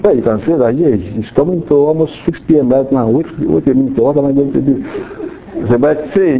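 A man's voice: medium pitch, a little fast, gravelly, mellow, low-quality recording. A middle-aged man preaching a sermon in a conversational way, acting out little quoted exchanges as he teaches. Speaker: pastor.

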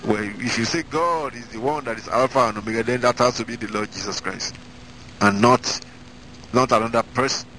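A man preaching as an evangelist, reading scripture slowly and with emphasis, then explaining it. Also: mid-range voice, pushed and bright, a little hiss or hum, poor audio. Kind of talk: Bible-reading sermon.

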